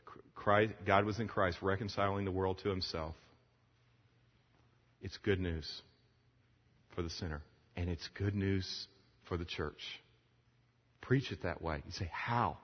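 A fairly low-voiced man delivers a sermon to gathered pastors, animatedly narrating a story and performing its characters' lines himself. The recording sounds dull and lo-fi, with lengthy reverb echoing through a big hall.

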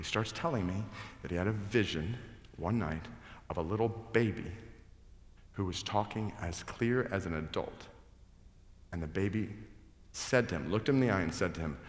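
A middle-aged man preaching a sermon as pastor, moving from hushed scripture reading to loud, excited storytelling. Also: low-pitched, normal speed. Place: large church hall. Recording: echoey hall reverb.

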